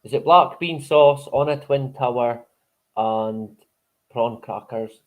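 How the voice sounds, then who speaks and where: A man's voice: medium pitch, takes it slowly, narrow, tinny audio. A man hosting a live stream in casual chat, rambling, swearing freely and chuckling often.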